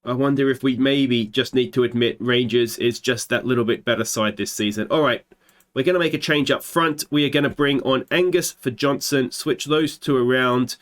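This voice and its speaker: An Australian man hosting a football management let's play, calling his match like a commentator and swinging into excited shouts at big moments. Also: medium pitch, moderate pace. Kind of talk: gameplay commentary.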